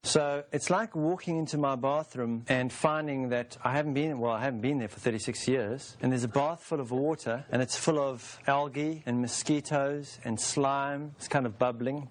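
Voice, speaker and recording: A man in his forties giving a calm, unhurried spoken teaching session, explaining a self-help process through homely metaphors. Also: mid-range voice. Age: 40s.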